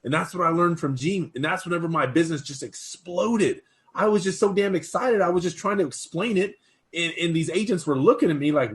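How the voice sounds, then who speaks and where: A man excitedly telling a personal story, rambling with fillers and restarts. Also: high voice, a little fast. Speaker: interview guest.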